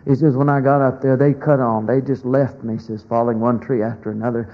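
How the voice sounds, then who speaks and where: A man preaching, telling a folksy story in a sermon, swinging between loud declarations and hushed lines. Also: medium pitch, steady tone, a little fast, dull audio.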